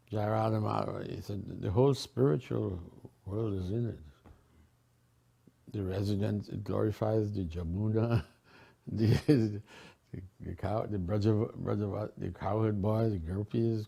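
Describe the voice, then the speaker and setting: An older man from a Caribbean island telling personal memories in a relaxed, chatty way, laughing often and restarting his sentences. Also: fairly low pitch, gravelly, breathy edge. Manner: warm storytelling with frequent laughs and restarts. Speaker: devotee sharing memories. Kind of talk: casual reminiscence.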